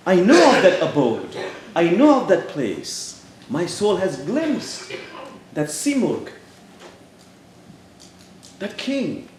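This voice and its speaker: A stern prophet-like hoopoe bird, voiced by a male preacher delivers slow, weighty rebukes. The pitch rises and falls in broad sweeps. It carries through a reverberant church room. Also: huge pitch swings, a little mellow, slight background noise, heavily acted. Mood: solemn.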